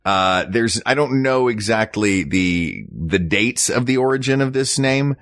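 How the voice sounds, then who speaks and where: Tired, low-voiced man with lively pitch. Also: unhurried, no room sound, clean studio sound. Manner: animated, jokey, lectures on sandwich history. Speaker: podcast co-host. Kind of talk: casual chat.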